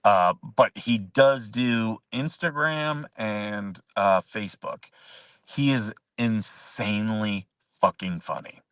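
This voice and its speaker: A man's voice: lowish voice, slow pace, a bit bright, clean tone, no room sound, far from the mic, low-quality recording. A man hosting a casual talk show, rambling through stories with many fillers and restarts. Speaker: show host. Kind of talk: casual storytelling chat.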